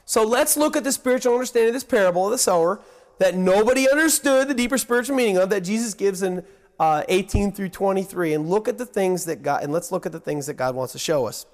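High-voiced preacher, earnest. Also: male voice, fast. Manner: earnest, swings between hushed and excited emphasis. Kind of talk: sermon.

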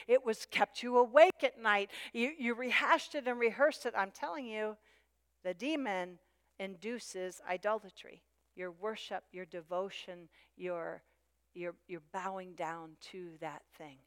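A woman's voice: medium pitch, unhurried, smooth. A woman preaching a sermon with emphasis, repeating her key phrases. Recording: long hall reverb.

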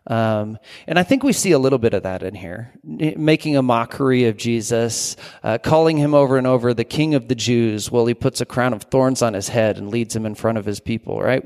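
A man's voice: mid-range voice, a little mellow, in a large hall. A man preaching a sermon in a conversational way, reading scripture aloud and then reflecting on it. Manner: conversational, with fillers and restarts.

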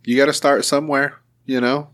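A man's voice: medium pitch, level tone, brisk, a bit bright. A man co-hosting a podcast, talking in crude, casual banter, swearing freely and mocking others. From Arkansas, United States. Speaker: podcast co-host.

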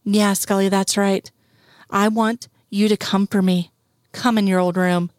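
Commanding guy in a read-aloud story, low and coaxing, woman barely changing her own voice, dry close sound. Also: flat delivery, a little slow, dry recording, close to an everyday voice. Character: adult man, commanding and ardent lover. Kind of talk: audiobook-style fiction reading.

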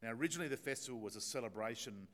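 A man's voice: medium pitch, lively intonation, rapid-fire, a bit bright. A man with an Australian accent, a pastor giving an evening sermon with a prayer, telling stories in a conversational, self-deprecating way with many fillers. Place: church.

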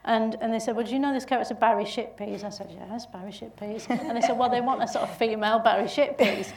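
A woman with a Bolton accent recounts her career as an interview guest, chatty and quick to laugh, trailing off and restarting as she goes. Her voice sits a little high. She is picked up from some way off the mic in a room that rings. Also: steady tone, vocal fry, a little mellow, far from the mic. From England. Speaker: comedy actress guest. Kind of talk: casual interview chat. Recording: roomy sound from off mic.

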